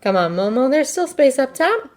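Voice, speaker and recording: A woman voicing a sharp-tongued, scornful teenage girl who snarls her words, in a fanfiction audiobook reading. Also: sits high, big pitch swings, moderate pace, pitched above the performer's own voice.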